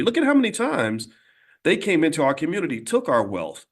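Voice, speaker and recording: A man's voice: fairly high pitch, wildly swooping pitch, a little fast. A man hosting his own channel, telling stories in a blunt, emphatic, conversational way and often restarting his sentences. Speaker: host. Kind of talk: casual monologue storytelling.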